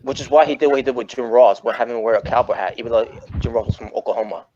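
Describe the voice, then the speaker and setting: A man's voice: medium pitch, racing, mellow, slight background noise. A man hosting a casual wrestling chat podcast, rambling and often correcting himself mid-sentence. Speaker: podcast host. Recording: muffled lo-fi audio.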